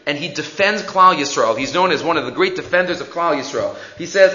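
A man teaching a lesson, telling a Bible story in an animated way and acting out the lines of its people. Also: fairly high pitch, fairly quick, hardly any pauses. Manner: animated storyteller, acts out quotes, with fillers. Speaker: religious teacher. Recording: echoey room, dull lo-fi sound.

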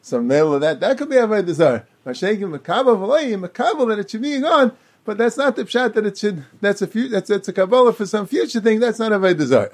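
Man, Talmud lecture, high voice, very lively pitch, quick run-on explaining, acts out quoted lines. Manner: animated, acting out quoted speakers. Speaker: Talmud teacher.

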